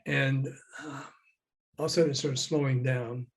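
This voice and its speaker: Older man telling lively stories. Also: mid-range voice, moderate pace. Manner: lively, acts out quoted voices, chuckles often. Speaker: guest, former record promoter. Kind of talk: anecdotal storytelling in a conversation. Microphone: remote call.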